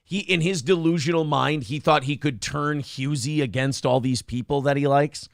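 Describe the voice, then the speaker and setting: A man's voice: a little high, normal speed, vocal fry, clean tone, no echo, studio quality. A man hosting a morning show podcast, talking casually and mockingly about clips, with plenty of swearing. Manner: animated, profane, mocking. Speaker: podcast host.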